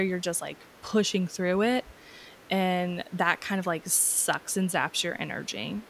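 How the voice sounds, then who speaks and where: A woman with a lowish, slightly slow voice and some vocal fry chats casually as an interview guest, an energy healer. She's talkative, full of filler words and laughs often, with slight background noise.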